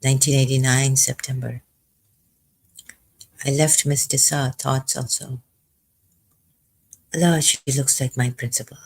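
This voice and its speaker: Tearful rambling vlogger, 50s, slow and halting, lots of uhs. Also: mid-range voice, fairly even intonation, vocal fry, slightly rough. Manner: rambling, emotional, breaks off with fillers and apologies. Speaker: video blogger. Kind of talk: rambling emotional commentary.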